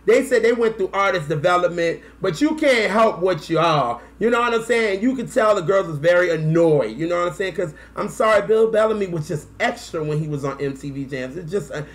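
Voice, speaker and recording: Excitable slangy male fan vlogger. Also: sits high, fairly quick, hardly any pauses. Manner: excitable and slangy, with bursts of whoops and laughter. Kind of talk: casual fan commentary.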